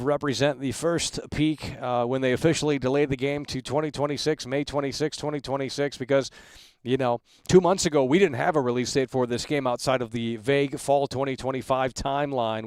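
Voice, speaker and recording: A man's voice: fairly high pitch, smooth, no room sound. A man hosting a casual livestream talk show, hyping viewers with repeated catchphrases and rambling through opinions with many restarts. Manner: emphatic hype shout-outs with repeated catchphrases; rambling, with frequent restarts and fillers.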